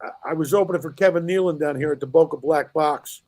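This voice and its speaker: A middle-aged man, a guest comedian, telling quick stories in casual podcast chat and acting out voices. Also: fairly high pitch, darkish tone, dry recording. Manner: rapid storytelling, acts out voices in anecdotes.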